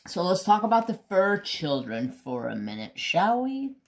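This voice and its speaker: A man's voice: high-pitched, wildly swooping pitch, moderate pace. A man chatting casually to his viewers as a craft vlogger, rambling about his pets and swearing offhandedly.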